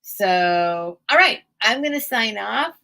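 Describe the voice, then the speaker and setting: Slow-talking bright-voiced woman streamer. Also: medium pitch, animated, vocal fry. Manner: rambling, emotional, repeated thanks, halting. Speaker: live-sale streamer. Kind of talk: casual livestream sign-off.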